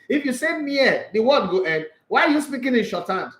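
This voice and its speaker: A Nigerian man hosting a football talk show, excitable and joking, with preachy asides and bits of Pidgin. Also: very high voice, a little fast, echoey room, low-quality recording. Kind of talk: animated solo football commentary.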